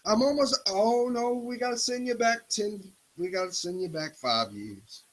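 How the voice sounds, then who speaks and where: A man giving an emphatic motivational talk in a preachy style, swinging his pitch up and down for effect. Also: animated, normal speed, low-quality recording. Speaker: motivational speaker.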